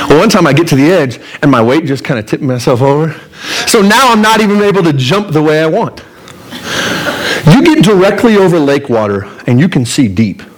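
A man from Colorado preaching a sermon, telling a personal story and acting out his own panic in a strained, high voice. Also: low-quality recording. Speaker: pastor.

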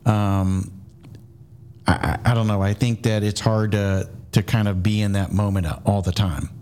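A man with a fairly low voice hosts the interview. He asks long, rambling questions and reflects, hesitating as he goes. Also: flat delivery, a little slow, a little mellow, smooth. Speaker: podcast host.

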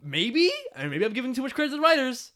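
A young man in casual conversation, his voice bright and lively as it swings up and down. He talks bluntly, swears freely and breaks into laughter often. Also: very high voice, quick pace. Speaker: podcast co-host. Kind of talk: casual chat.

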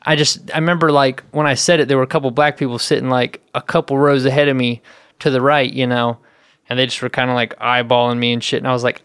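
A man in his thirties, a podcast co-host, telling a story in a rambling, animated way that is full of swearing. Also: mid-range voice, fast, clear, resonant tone, no room sound, clean studio sound. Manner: rambling, animated, profane, heavy "I was like". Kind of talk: casual storytelling chat.

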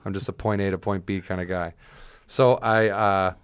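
A man's voice: sits low, steady tone, normal speed, smooth, dry recording, clean studio sound. A man co-hosting a podcast, telling a rambling, self-mocking story in casual chat and acting out quoted voices. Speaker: podcast co-host.

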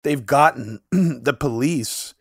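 A man co-hosting a podcast, talking in long casual runs full of "like" fillers and getting animated when something shocks him. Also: mid-range voice, slow, slightly rough, dry recording, studio quality. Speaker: podcast co-host. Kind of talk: casual conversational podcast chat.

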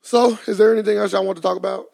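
A man with a gravelly edge and a slightly high voice co-hosts a podcast. He jokes around in loose casual chat, trailing off and restarting his sentences. The sound is dry and close. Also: steady tone, rapid-fire, darkish tone, no echo. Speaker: podcast co-host.

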